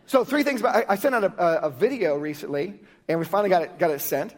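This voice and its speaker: A man's voice: high-pitched, animated, fast. A male pastor preaching a sermon emphatically and firing off rhetorical questions at his congregation. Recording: long reverb of a large hall.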